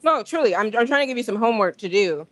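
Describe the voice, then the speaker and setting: A woman hosting a casual livestream from a gym, talking straight to her viewers in an animated, rambling way. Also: on the high side, fast. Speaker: livestream host. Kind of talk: casual live-stream chat.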